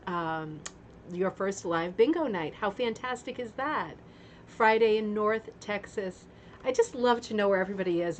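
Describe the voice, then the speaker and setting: A woman's voice: mid-range voice, slight background noise. A woman hosting a casual craft livestream from home, chatty and greeting viewers one by one while getting over a sore throat. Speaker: livestream host of a craft club. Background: fan running.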